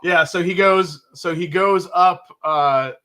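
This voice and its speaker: A man's voice: high-pitched, slow pace, sharp tone. A middle-aged man co-hosting a casual bourbon tasting, chatty and prone to restarts as he tells a story. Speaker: podcast co-host.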